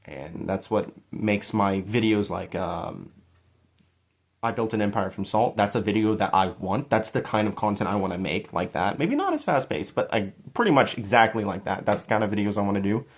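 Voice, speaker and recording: A man's voice: fairly low pitch, lively intonation, moderate pace. A young man speaking to his viewers in an earnest, rambling and self-deprecating way, with many restarts. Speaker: YouTuber thanking subscribers. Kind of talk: heartfelt casual vlog monologue.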